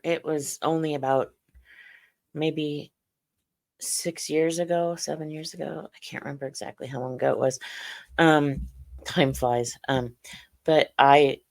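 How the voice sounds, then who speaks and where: A middle-aged woman telling her personal story as an interview guest, halting and earnest, with many "you know"s. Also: low-pitched, level tone, a little mellow. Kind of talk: personal account in a podcast interview.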